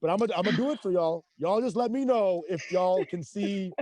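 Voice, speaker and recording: A man performing stand-up comedy over a video call from outdoors, animated and laughing at his own jokes. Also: high-pitched, brisk, no room sound. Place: outdoors in an industrial spot.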